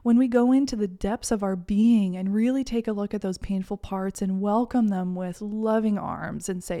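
A woman's voice: medium pitch, steady tone, normal speed, few pauses, dark tone. A woman hosting a self-help podcast, talking earnestly and encouragingly to her listeners as a confidence mentor. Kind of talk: reflective solo podcast talk.

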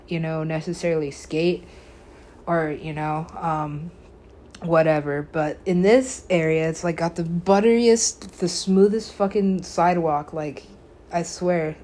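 A woman's voice: on the low side, steady tone, unhurried, mellow, slight background noise. A woman hosting a podcast, telling a personal story in a rambling casual way, full of filler words, swearing and frequent laughs. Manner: laughs often while telling. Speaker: podcast host.

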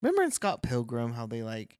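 A young man chatting and teasing his friend. His pitch swings a lot, jumping up for jokes and mock outrage. He speaks in a loose, playful way. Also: huge pitch swings, a little fast, a little mellow. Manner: teasing, jokey, mock-indignant. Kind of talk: casual chat.

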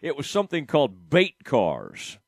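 A man's voice: medium pitch, wildly swooping pitch, moderate pace, gravelly, slightly rough, no room sound, clean studio sound. A middle-aged man hosting a radio show, rambling casually, laughing often and talking to his producer. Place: radio studio.

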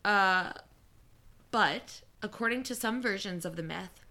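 A woman co-hosting a podcast, chatting casually and reacting with animated gasps. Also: mid-range voice, measured pace. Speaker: podcast co-host. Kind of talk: casual chat.

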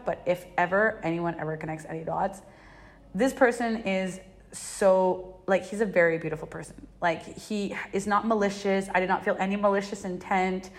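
A young woman hosts her own podcast and opens up about something personal. Her voice sits in the middle range, and she rambles through it with constant filler words. She swears often and her voice jumps high when she exclaims. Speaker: podcast host. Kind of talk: personal confessional talk.

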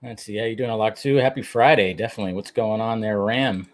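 A man hosts a livestream in a loose, chatty way, reading out and greeting viewers by name and swearing now and then. His voice is fairly low and he speaks fast.

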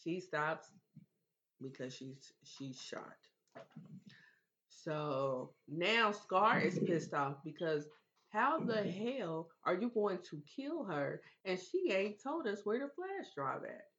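Bright-voiced woman recapping a movie, lo-fi. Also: lowish voice, takes it slowly. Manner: animated, exasperated, swears freely. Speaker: movie review podcast co-host. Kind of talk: casual chat, retelling a movie plot.

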